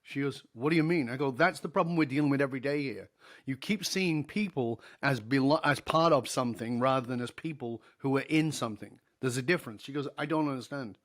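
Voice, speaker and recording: A man's voice: medium pitch, a little fast. A middle-aged man, a podcast guest, telling a story in an interview, acting out the dialogue and laughing easily.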